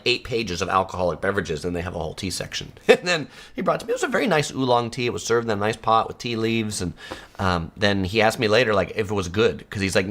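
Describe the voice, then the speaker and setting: Lively low-voiced man chatting. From United States (San Diego). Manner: chatty and easygoing, laughs often. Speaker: live stream host. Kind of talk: casual live-stream chat, reading viewer comments.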